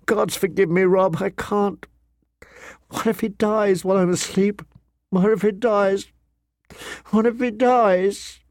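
A man reading an audiobook, voicing a grief-stricken noble mother who cries out in high, wavering, desperate pleas. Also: steady tone, slow pace, long pauses, a little mellow, dry recording, clean studio sound. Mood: frantic, weeping.

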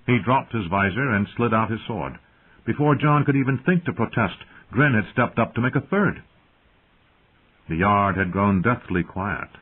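A man giving measured scripted narration of an audiobook, heard through tinny phone-like audio. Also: lowish voice, lively intonation, slightly rough.

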